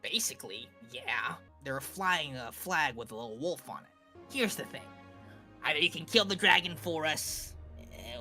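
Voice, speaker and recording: A weary old goblin woman, as a man puts her on in a tabletop game, speaking in a blunt, rambling and casual way. Her voice is lively in pitch, and faint music plays underneath. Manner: casual, rambling, offhand swearing. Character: older female goblin elder, weary and blunt.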